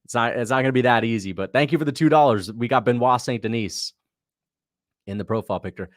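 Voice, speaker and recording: This livestream host, a young man, reacts to fights in a relaxed, chatty manner, laughing readily, thanking viewers and reading donations aloud. His medium-pitched voice comes through with clean studio sound and no room echo.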